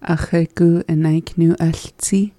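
A woman on a radio language lesson, quietly and carefully repeating phrases after the teacher. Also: on the low side, little pitch movement, a little slow, no echo.

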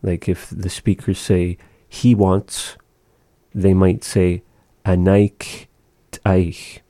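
A man's voice: deep voice, flat delivery, takes it slowly, warm tone, dry recording, studio quality. A man giving a patient one-on-one language lesson, carefully modeling and repeating pronunciations. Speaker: language teacher.

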